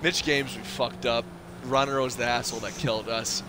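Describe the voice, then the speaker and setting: A man's voice: medium pitch, normal speed. A man streaming a game live, drunk, trash-talking with lots of swearing. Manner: profane, excitable trash talk. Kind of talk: casual live gaming chat. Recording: noisy game audio behind.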